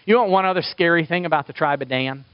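A man delivers a sermon from the pulpit in a high-pitched, animated voice, slipping into quoted voices as he preaches. The sound is dry and a little dull. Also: fast, clear, resonant tone, no room sound. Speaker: pastor.

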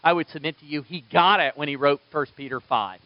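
Preacher guy, kinda high voice, goes quiet then loud and punchy, muffled lo-fi recording. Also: brisk. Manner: dynamic preaching, swings from quiet to loud emphatic bursts. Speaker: pastor. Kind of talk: sermon.

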